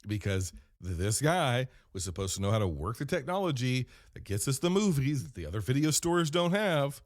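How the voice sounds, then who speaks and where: A man hosting a podcast, rambling through a comedic in-character monologue with deadpan storytelling and self-corrections. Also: medium pitch, moderate pace, no room sound, studio quality. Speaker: podcast host.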